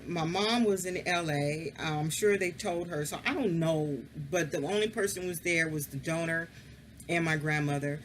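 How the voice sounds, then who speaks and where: A woman's voice: low-pitched, slight background noise. Frank, profane woman telling her story. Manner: frank and profane, swears freely; candid and confiding, speaks straight to the listener. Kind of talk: casual personal storytelling.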